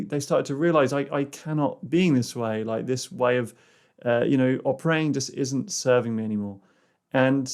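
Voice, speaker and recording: A man hosting a solo personal growth podcast, telling a client story with many fillers and restarts, and dropping to a soft, low voice when he quotes the exercise.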